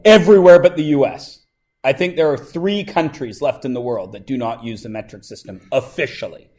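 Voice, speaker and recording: A man from Canada teaching a high school math class, talking casually, joking with the students and asking them lots of questions. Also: a little fast, darkish tone. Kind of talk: classroom lesson.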